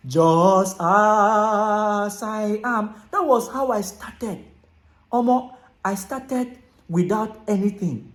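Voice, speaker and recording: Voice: medium pitch, darkish tone. A speaker with a Nigerian accent from Akwa Ibom, giving casual advice straight to camera. They repeat phrases, say "all right" often and slip into pidgin. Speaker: content creator. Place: small closed room indoors. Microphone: camera mic, no clip-on mic. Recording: echoey room, camera mic.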